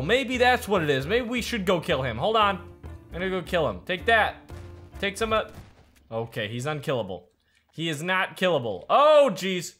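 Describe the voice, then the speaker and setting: A man with a high, very lively voice gives jumpy let's-play commentary, shifting between hushed worry and sudden panicked shouts. Faint game music plays behind him. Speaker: gaming YouTuber.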